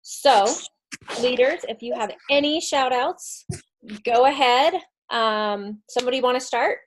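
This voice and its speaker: A woman's voice: high voice, unhurried, a little hiss or hum. A woman hosting a team video call in an upbeat, casual way with fillers.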